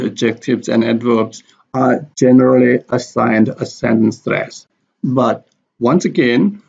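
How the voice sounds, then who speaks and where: A man teaching English pronunciation, explaining stress and repeating example words slowly and deliberately. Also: mid-range voice, creaky, mellow. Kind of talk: slow explanatory lesson with spoken examples. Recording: dull lo-fi recording.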